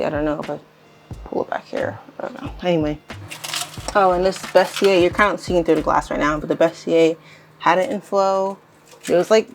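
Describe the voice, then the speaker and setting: A young woman chatting casually as she shows and rearranges her plants, rambling, correcting herself and getting excited. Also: lowish voice, gravelly, a little hiss or hum. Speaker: plant vlogger. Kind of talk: casual vlog chat while working. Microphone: handheld camera on tripod.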